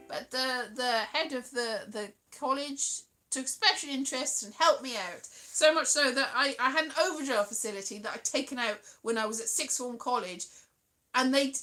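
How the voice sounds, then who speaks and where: A woman's voice: high-pitched, normal speed, pushed and bright, soft background music. A British woman in her forties, hosting a livestream and telling rambling, chatty stories to her viewers. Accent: British English. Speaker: livestream host. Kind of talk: casual chat with live viewers.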